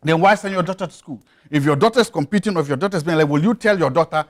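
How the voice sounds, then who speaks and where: A man's voice: on the high side, expressive, rapid-fire. A man, a studio guest on a television talk show who makes his points emphatically and insistently, often repeating them.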